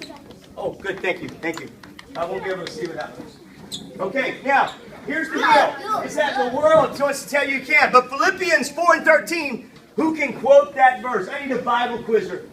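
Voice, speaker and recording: High, energetic children's minister. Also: moderate pace. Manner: energetic, calls for audience responses. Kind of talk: lively Bible lesson for kids. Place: church kids' meeting room with children present. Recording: echoey room, voice from a distance, loud crowd and noise. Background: children responding and crowd noise.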